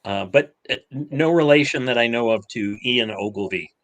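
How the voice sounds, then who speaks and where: A man co-hosting a podcast, joking and chatting casually, halting with fillers. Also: medium pitch, fairly bright tone. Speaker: podcast co-host. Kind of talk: casual chat.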